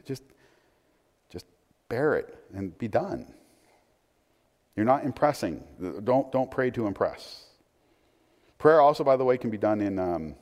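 A man's voice: on the low side, darkish tone. A man preaching a sermon in a conversational way, with frequent restarts and asides. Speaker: pastor. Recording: long hall reverb.

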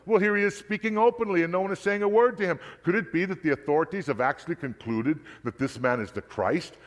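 A man's voice: high voice, quick pace, pitched above the performer's own voice, close to an everyday voice. A man voicing puzzled townspeople in a scripture reading, asking questions in a raised voice. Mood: wondering. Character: wondering townspeople, men, puzzled. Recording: long hall reverb.

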